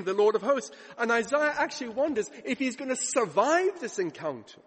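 A man's voice: extremely high pitch, very animated, brisk, few pauses, fairly bright tone, slightly rough. A man preaching a sermon, retelling scripture dramatically and acting out the voices he quotes. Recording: long hall reverb.

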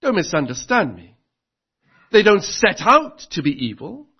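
A man's voice: sits high, big pitch swings, unhurried, slightly rough, lo-fi sound. A man preaching a sermon earnestly, putting rhetorical questions to his congregation.

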